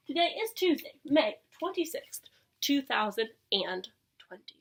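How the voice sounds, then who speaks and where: A young woman leading a preschool circle time lesson from home, with an animated sing-song manner that often drops to a soft whisper. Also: high voice, gravelly. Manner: animated sing-song teacher voice with gasps and drawn-out words. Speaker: preschool teacher.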